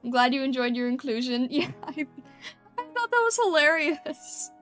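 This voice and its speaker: A woman's voice: high-pitched, big pitch swings, normal speed, a bit bright, soft background music. A woman streamer chatting casually with her chat and thinking aloud while she paints over and critiques thumbnails.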